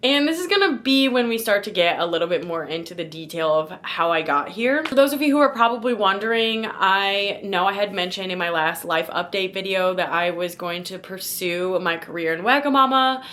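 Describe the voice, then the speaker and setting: A woman's voice: medium pitch, expressive, fairly quick, hardly any pauses, a bit bright. A woman in her twenties from Missouri, chatting casually to camera as a vlogger, full of "like" and calling her viewers "guys" and "y'all". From St. Louis, Missouri. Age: 20s.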